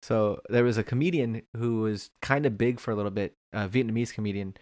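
A man co-hosting a podcast in casual chat, playful and quick to laugh. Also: fairly low pitch, a little mellow, no echo, studio quality. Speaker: podcast co-host.

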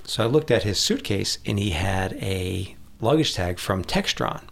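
A man's voice: on the low side, big pitch swings, a little slow, gravelly, a bit bright. A middle-aged man from Rhode Island, chatting casually about sales and telling anecdotes, chuckling often. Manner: storytelling, acts out voices, chuckles often. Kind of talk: casual podcast conversation.

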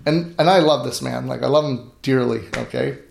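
A gravelly, mid-range male voice talks at a normal speed, recorded in a room with echo. The speaker, a middle-aged grain farmer, shares stories in an interview earnestly and emphatically, often restarting what he's saying.

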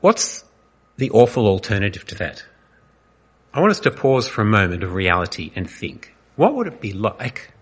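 A male pastor preaching an earnest sermon, dramatic and full of pauses. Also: fairly low pitch, big pitch swings, slightly rough. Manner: earnest, dramatic, pausing often.

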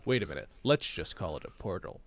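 A man's voice: deep voice, very animated, fairly quick, no room sound. A man reading an old childhood story aloud with comic, sarcastic asides. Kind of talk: comedic read-aloud with commentary.

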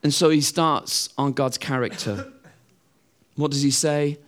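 Mancunian preacher, conversational sermon. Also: male voice, on the high side, measured pace, a bit bright. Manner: conversational, acts out voices of others.

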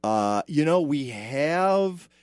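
A man's voice: on the high side, very animated, extremely slow, darkish tone, clear, resonant tone, no echo. A man hosting a radio show from a studio, chatting casually and rambling, with plenty of filler.

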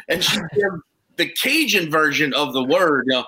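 Brief: a comedian from New Orleans, fairly high, bright and rambling with plenty of swearing. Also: male voice, expressive, moderate pace, a little hiss or hum, rough recording. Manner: profane, rambling storyteller. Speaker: comedian guest. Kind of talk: casual podcast chat.

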